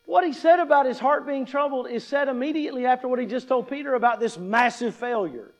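A pastor with a high voice for a man delivers a Sunday sermon. He talks in a loose, conversational way, throwing out rhetorical questions before reading a passage of scripture aloud. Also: fast talker, low-quality recording.

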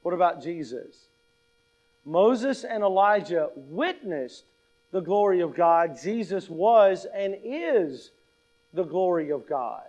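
A man's voice: high-pitched, very animated, slow pace, darkish tone, low-quality recording. A pastor preaching a sermon in an emphatic way, repeating key lines and asking his listeners questions.

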